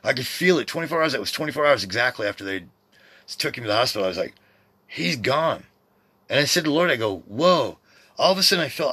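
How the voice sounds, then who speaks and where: Middle-aged guy rambling on his home podcast, bright crisp voice, real dry sound. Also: mid-range voice, no room sound. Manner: loose, meandering, self-interrupting. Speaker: podcast host. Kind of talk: rambling personal monologue. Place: home room by his computer.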